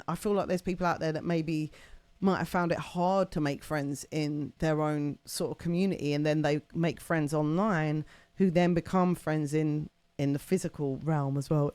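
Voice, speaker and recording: A woman's voice: deep voice, fairly even intonation, moderate pace, darkish tone, dry recording. Woman streamer rambling to chat, dry close mic, lots of "like" and laughs. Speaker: livestream host. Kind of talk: casual chat with live chat.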